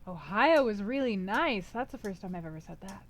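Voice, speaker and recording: A woman's voice: mid-range voice, animated, brisk. A young American woman streaming from home, chatting casually and cheerfully with her live chat, often laughing.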